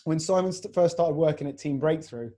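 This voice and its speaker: A man's voice: a little high, a little fast, dark tone. A man chatting casually on a video call podcast, telling stories with plenty of laughs. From Iraq. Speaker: podcast host and fitness coach. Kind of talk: casual chat.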